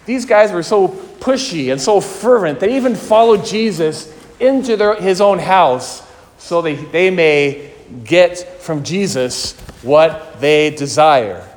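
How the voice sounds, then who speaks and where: A man's voice: fairly high pitch, lively intonation, big-room sound. A man preaching a sermon in an earnest, questioning way. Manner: slow, earnest, questioning delivery.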